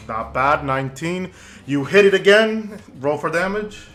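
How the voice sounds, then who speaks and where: A man running a tabletop game as game master, narrating actions casually with spoken booms. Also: unhurried. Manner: relaxed narration with sound-effect booms.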